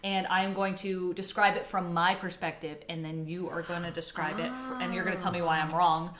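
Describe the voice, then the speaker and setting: A woman's voice: lowish voice, brisk, crowd noise. A woman co-hosting a podcast in casual chat, talking chattily, laughing often and restarting her thoughts. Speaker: podcast co-host. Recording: roomy echo.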